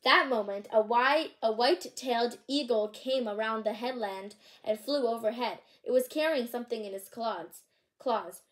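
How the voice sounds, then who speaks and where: A woman's voice: a little high, moderate pace. A woman reading picture books aloud as a channel host, chatty and bubbly, with asides between lines and the odd stumble over names.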